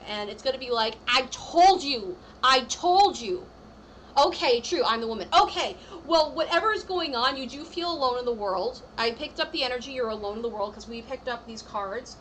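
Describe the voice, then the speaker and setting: A woman's voice: a little high, a bit bright, slight background noise, poor audio. A woman giving a live-streamed tarot reading in a chatty, reassuring way, full of "like" and "I feel like". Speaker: tarot reader.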